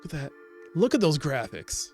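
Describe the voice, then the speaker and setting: A man's voice: fairly high pitch, huge pitch swings, normal speed, a little mellow, soft background music. A man casually commenting and joking while streaming an adventure game. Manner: playful, joking. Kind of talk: live let's play commentary.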